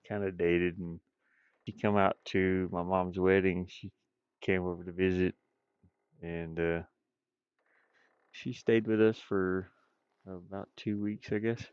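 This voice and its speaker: A man's voice: deep voice, fairly even intonation, measured pace, long pauses, a little mellow, clean tone, no room sound, lo-fi sound. A man with a stuffy nose chatting casually on a live stream while he builds a game, rambling and talking to himself. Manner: rambling, self-talking, chuckles often. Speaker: indie game developer streaming.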